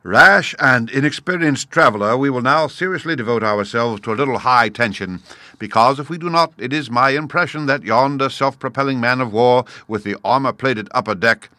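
Pompous wordy python, formal diction, bright forceful tone, as a man puts him on. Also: medium pitch, fairly quick, no room sound, lightly acted. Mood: urgent. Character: pompous, long-winded male python snake.

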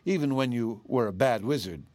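A man voicing a confident little girl in a storybook reading, speaking in a bright, matter-of-fact way. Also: mid-range voice, expressive, a little fast, dry recording, lightly acted. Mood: earnest.

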